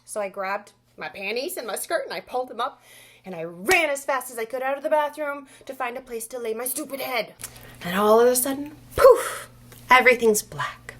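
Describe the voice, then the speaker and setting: A young adult woman telling a comic story, swinging between whispers and loud bursts with exaggerated delivery. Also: a little high, lively intonation, a little fast, a little hiss or hum. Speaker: comedian storyteller.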